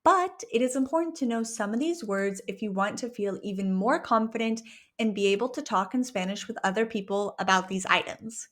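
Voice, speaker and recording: A woman teaching a language lesson, encouraging her listeners and slowing down to pronounce each word clearly, checking in with "okay?" as she goes. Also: a little high, a bit bright. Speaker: Spanish teacher.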